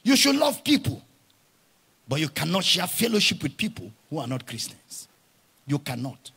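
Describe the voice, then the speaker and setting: A male pastor preaching a sermon, often shouting his lines and stretching words out for emphasis. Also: fairly high pitch, big pitch swings, vocal fry, husky. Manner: drawn-out emphatic phrasing.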